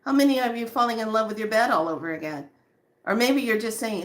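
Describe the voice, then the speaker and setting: Her voice sitting a little high, this woman spiritual teacher gives viewers an easygoing spiritual talk. She stays animated and talkative, breaking into frequent laughter, then eases down to a gentle hush whenever she says something soothing.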